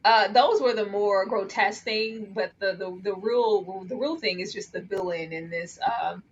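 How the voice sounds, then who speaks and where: A woman co-hosting a casual movie review chat, excitable and emphatic, laughing often. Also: medium pitch, normal speed. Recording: dull lo-fi sound with faint noise.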